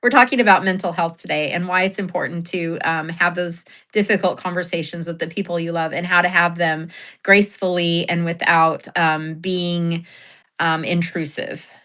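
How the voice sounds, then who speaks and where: A woman's voice: on the low side, steady tone, normal speed, sharp tone. A woman hosting a casual livestream, telling a story in a chatty way, laughing often and reading chat aloud. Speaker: livestream host.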